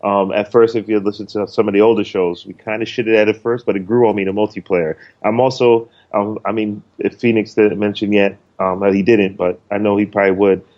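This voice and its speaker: Male co-host, lowish voice, rambling casual talker, slightly muffled lo-fi audio. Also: level tone, brisk, hardly any pauses. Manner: loose and rambling, with frequent ums and swearing. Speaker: podcast co-host. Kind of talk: casual podcast discussion.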